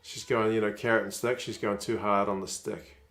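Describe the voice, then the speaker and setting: A man's voice: fairly low pitch, flat delivery, brisk, a bit bright. A man, chatting casually on a live stream while watching rugby and reading out viewer comments.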